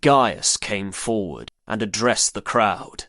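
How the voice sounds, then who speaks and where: A man reading a first-person story as an audiobook narrator, in a measured, even way. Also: on the low side, no room sound, studio quality.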